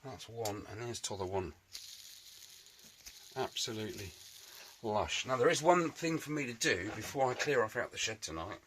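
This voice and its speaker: A man's voice: lowish voice, animated, moderate pace, pauses often, background noise. A man with a chatty, jokey, self-mocking manner, talking casually to camera as he works in his home shed restoring a scooter. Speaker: motorbike restoration vlogger.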